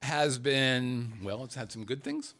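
A man hosting a casual comedic podcast, joking with his co-host and laughing often. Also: unhurried. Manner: joking, laughs often, lively swings in pitch. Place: Las Vegas.

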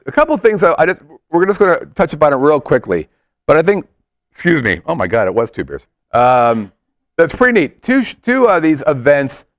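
A man hosts a casual chat show, rambling and cracking self-mocking jokes. His pitch moves a lot as he talks. The sound is close and dry. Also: dry recording. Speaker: host.

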